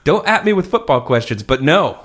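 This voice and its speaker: A man's voice: on the high side, big pitch swings, a little fast, a bit bright, slight background noise. A man co-hosting a podcast in casual comedic chat, laid-back and joking, with frequent ums and laughs. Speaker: podcast co-host.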